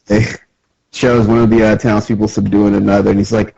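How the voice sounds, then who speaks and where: A man's voice: fairly low pitch, little pitch movement, fairly quick, gravelly, darkish tone. A young man co-hosting a gaming podcast, rambling casually through manga recaps with many fillers. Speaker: podcast co-host. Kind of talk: casual chat about manga. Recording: lo-fi podcast audio.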